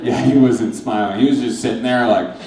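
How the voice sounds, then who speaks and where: A young man with a Wisconsin accent doing an animated stand-up comedy set before a live audience, with sudden loud bursts. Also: mid-range voice, a little fast, a crowd in the background, noisy background. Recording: roomy live venue, mic at a distance.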